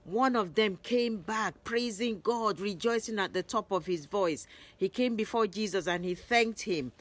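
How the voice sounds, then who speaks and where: A woman narrating Bible stories in a lively retelling, raising her voice for the quoted lines. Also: mid-range voice, a little slow. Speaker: Bible storyteller.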